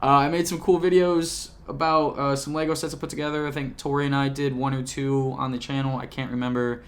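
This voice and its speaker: His voice holds a medium pitch with little movement, and he talks fairly quickly. This young YouTuber chats casually to a camcorder in his apartment for a vlog recap, jokey and rambling, often breaking off mid-sentence.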